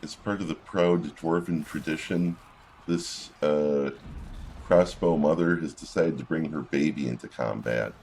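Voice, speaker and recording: A man's voice: a bass voice, measured pace, a little mellow, slight background noise. A man giving casual gameplay commentary, reading in-game combat logs aloud with wry asides.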